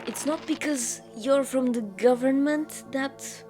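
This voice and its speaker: A woman talking through a courtroom game, playful and quick to exclaim, reading on-screen text aloud. Her voice sits fairly high and her delivery is unhurried. Soft guitar music plays behind her. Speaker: gamer. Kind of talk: casual gameplay commentary.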